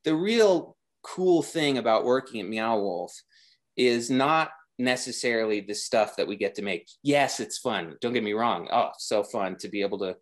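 A man's voice: mid-range voice, animated, moderate pace. A man talking as a guest designer in a casual interview, rambling with many restarts and growing enthusiastic.

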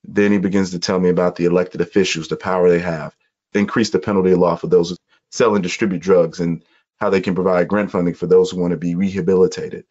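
A man from Chicago, a podcast guest, telling his life story in an earnest, measured way during an interview. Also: low-pitched, flat delivery, darkish tone. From Chicago, USA. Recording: dull lo-fi audio.

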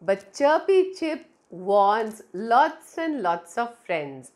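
A woman telling a picture story to young children, drawing out her words in a slow, expressive way. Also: fairly high pitch.

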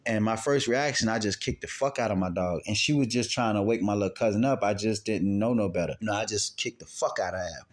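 Profane man telling a story. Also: brisk. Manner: profane, rambling, swings from loud outbursts to low quiet recounting. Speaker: channel host answering questions. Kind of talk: casual storytelling monologue.

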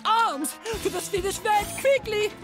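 Woman voicing a squeaky swaggering fish robber. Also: unhurried. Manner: slangy, swaggering, ends lines with yo. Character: brash bank-robbing male fish turned frog. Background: cartoon music score.

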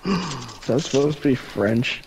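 Halting man chatting over a game. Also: mid-range voice, expressive, a little mellow, a little hiss or hum. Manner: halting, stumbles over words. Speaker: gamer. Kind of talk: casual gaming chat.

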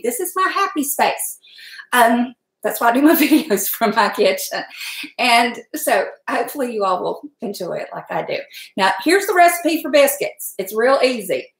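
A middle-aged woman chats her way through a home cooking stream, folksy and quick, laughing often. Her voice sits a touch high. The kitchen gives it a roomy echo. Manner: chatty, folksy, laughs often, talks fast from nerves. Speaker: home cook and channel host. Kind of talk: casual cooking livestream chat. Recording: echoey kitchen room.

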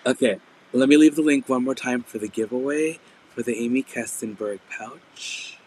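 A hoarse man who is losing his voice, hosting a casual live-stream sale and describing each item in detail. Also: medium pitch, moderate pace, a little mellow, slight background noise, poor audio. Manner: chatty, describes items in detail.

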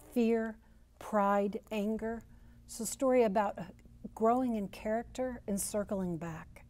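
A woman gives a teaching at church, mid-pitched and mellow in tone. She tells a scripture story in her own words and puts real force into the thoughts she quotes. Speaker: marriage and family therapist teaching at church.

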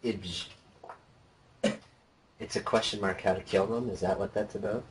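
Low-voiced guy playing a game with a friend, dry jokey comments, little bit of hiss. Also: fairly even intonation, normal speed. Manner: dry, joking, laid-back. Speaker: let's play co-host. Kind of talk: casual gameplay chat.

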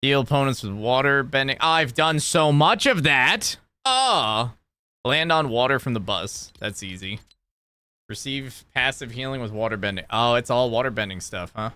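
Chatty, lively man streaming a game. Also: mid-range voice, normal speed, clean tone. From New Jersey. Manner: chatty, playful, jokey. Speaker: gaming streamer. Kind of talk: casual live-stream commentary.

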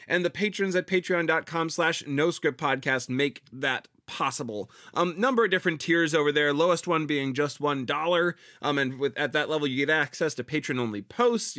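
A man co-hosting a theater podcast, talking in a friendly, casual way and thanking listeners. His voice sits a little high for a man, and he tends to repeat words as he gets going. The recording is dry and close. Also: fairly bright tone, no echo. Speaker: podcast co-host. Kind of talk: casual chat and patron appeal.

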